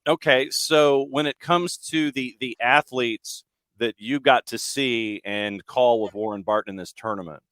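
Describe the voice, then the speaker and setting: A man's voice: medium pitch, unhurried, fairly bright tone, clean tone, dry recording. A middle-aged man hosting a sports talk show, asking long rambling questions with frequent restarts. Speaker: radio show host. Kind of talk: casual interview chat.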